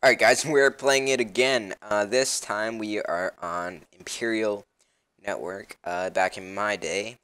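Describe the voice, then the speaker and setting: A man's voice: on the low side, fairly even intonation, unhurried, a bit bright, smooth, dry recording. A young man casually commenting on his own gameplay as a channel host, rambling with lots of ums and uhs.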